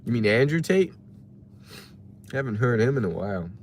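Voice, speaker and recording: A very animated man with a medium-pitched voice livestreams at normal speed from his parked car as he waits for delivery orders. He casually muses and reads chat aloud, and a little hiss or hum can be heard.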